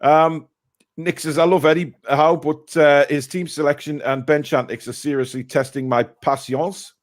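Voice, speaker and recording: A man's voice: fairly high pitch, fairly even intonation, normal speed. A man hosting a casual live stream, reading out viewer messages and giving blunt opinions.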